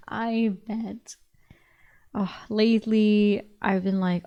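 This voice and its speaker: A woman's voice: medium pitch, flat delivery, drawn-out words, pauses often, warm tone, clear, resonant tone, highs cut off. A young woman streamer chatting casually with her viewers, laughing often and swearing casually.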